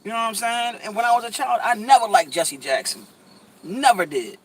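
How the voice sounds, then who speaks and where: High-pitched emphatic man in casual talk. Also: a little fast, noisy background. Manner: emphatic, repetitive, animated storytelling with stutters. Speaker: podcast co-host. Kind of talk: casual conversational commentary.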